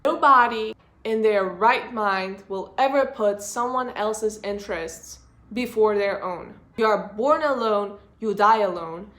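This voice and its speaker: A woman's voice: mid-range voice, measured pace, fairly bright tone. A woman vlogger giving a frank, blunt personal monologue about human nature.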